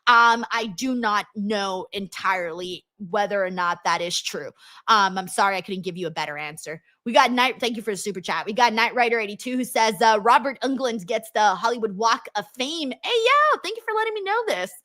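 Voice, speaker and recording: Bright-voiced chatty woman host. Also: medium pitch, fairly quick. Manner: chatty, lots of ums, excitable bursts. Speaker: wrestling livestream host. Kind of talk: casual livestream chat, reading super chats.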